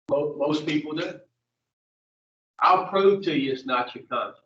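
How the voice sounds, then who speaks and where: A man's voice: fairly high pitch, unhurried, long pauses, fairly bright tone, slight background noise. A man leading an addiction recovery group, blunt and profane, firing questions at his listeners. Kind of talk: blunt group teaching session. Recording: dull echoey room, mic far off.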